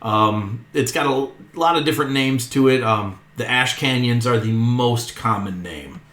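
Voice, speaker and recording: A man's voice: mid-range voice, normal speed, fairly bright tone, echoey room. A man narrating as game master of a tabletop game, in an easygoing way with chuckles and fillers.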